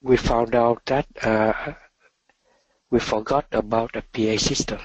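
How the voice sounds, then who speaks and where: Man, meditation teacher, dharma talk, soft-spoken, halting, very slow, dry close sound. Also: mid-range voice, fairly even intonation, dry recording, rough recording.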